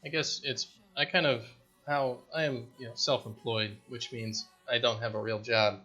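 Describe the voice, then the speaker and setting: A man's voice: mid-range voice, fairly even intonation, moderate pace, bright, forceful tone, muffled recording. A man who is an indie game developer, rambling and joking at his own expense in a casual dev vlog recorded in his home basement while he programs. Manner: rambling, self-deprecating, joking.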